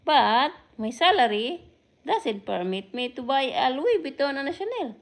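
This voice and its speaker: A woman's voice: high voice, big pitch swings, moderate pace. A middle-aged woman from the Philippines with a Filipino accent, chatting casually to her viewers on a live stream and recording into a camera mic. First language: Tagalog. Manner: chatty, mixes in Tagalog, greets viewers by name. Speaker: vlogger and care worker.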